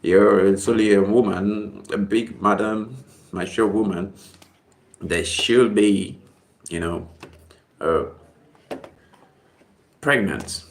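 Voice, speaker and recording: A man vlogging casual commentary, rambling and repeating himself as he swings from low muttering to sudden high exclamations. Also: steady tone, slow, pauses often.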